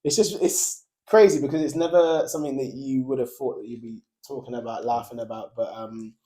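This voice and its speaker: A young man hosts a casual football podcast. He talks in a slangy, animated way and laughs often. His voice sits at an ordinary mid pitch. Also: fairly quick. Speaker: podcast host.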